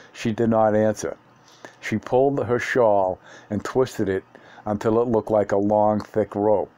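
A man narrates a first-person story in audiobook style, steady and measured with a few small restarts. His voice sits low and sounds warm and dark.

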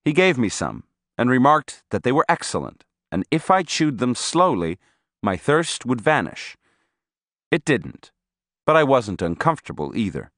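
A man's voice: medium pitch, big pitch swings, normal speed, fairly bright tone, no echo, clean studio sound. A man reading a first-person story aloud as an audiobook narrator, telling it expressively.

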